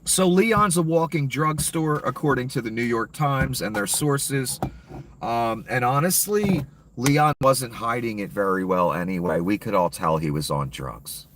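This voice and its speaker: A man's voice: mid-range voice, expressive, unhurried, a bit bright, far from the mic. Profane ranting man, a bit off-mic. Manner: profane, heated, sarcastic. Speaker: political commentator. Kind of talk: ranting political commentary.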